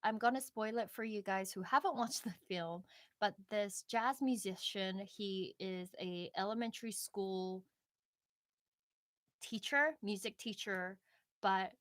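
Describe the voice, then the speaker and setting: A woman's voice: mid-range voice, unhurried, dry recording, clean studio sound. A young woman in casual live-stream chat, rambling and reflective with many fillers.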